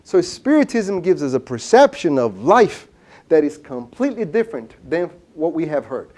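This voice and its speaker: A man's voice: fairly high pitch, sing-song, normal speed, a little mellow. A man giving a seminar lecture, telling a story with lots of rhetorical questions. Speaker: seminar speaker.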